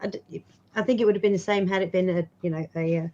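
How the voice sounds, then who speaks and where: A woman's voice: on the low side, steady tone, fast talker, warm tone, muffled recording. A woman co-hosting a casual chat show, adding dry, laid-back quips. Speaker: co-host.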